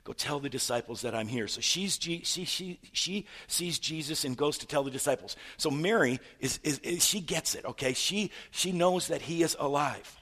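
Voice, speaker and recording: A man preaching a sermon, retelling a story with stammered repeats and rhetorical questions, swinging from loud to hushed. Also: on the high side, moderate pace, few pauses. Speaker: pastor.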